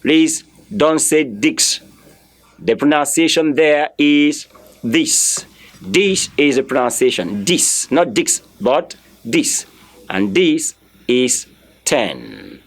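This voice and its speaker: A man's voice: fairly high pitch, sing-song. A man teaching a French lesson, spelling words letter by letter and repeating them for learners to copy, firmly correcting common mistakes. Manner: slow, drilling repetition with spelled-out letters. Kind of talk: online language lesson.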